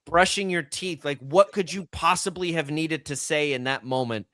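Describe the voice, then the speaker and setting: A man's voice: on the high side, moderate pace, a bit bright, no echo, clean studio sound. A middle-aged man hosting a sports radio show, ranting incredulously in casual banter.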